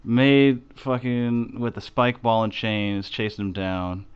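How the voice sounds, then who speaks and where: A man co-hosting a casual chat with a low, smooth voice. He rambles on, swearing freely through an animated retelling. The recording is dull and lo-fi. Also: a little slow. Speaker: podcast co-host.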